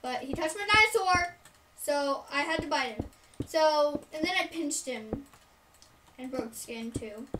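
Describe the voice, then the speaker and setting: Young woman storyteller, high voice, rambling, filler-heavy; recorded from a distance with noisy background. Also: a little slow. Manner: rambling, many fillers, side remarks. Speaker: storyteller vlogger. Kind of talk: casual story time. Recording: distant mic, noisy room.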